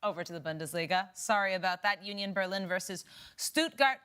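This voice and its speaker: A woman hosting a sports talk show, presenting match listings and questions in a quick, upbeat way. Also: mid-range voice, expressive, a bit bright, clean tone. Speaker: host.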